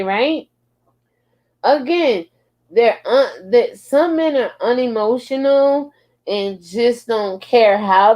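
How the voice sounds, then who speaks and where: Woman, commentary host, unhurried drawl, frequent laughter, casual reading of posts. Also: on the high side, dull audio. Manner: slow, drawling, laughs often.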